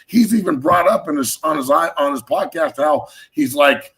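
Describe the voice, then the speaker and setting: A man in his thirties hosting a sports talk show, ranting in a heated, profane way with loud, emphatic swings. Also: a little high, expressive, moderate pace, hardly any pauses. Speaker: show host, former NFL lineman.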